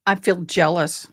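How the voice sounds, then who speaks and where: Woman, middle-aged, Southern accent, slow pace, casual livestream chat, reading viewer comments. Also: on the low side. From Tennessee, US. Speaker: livestream host.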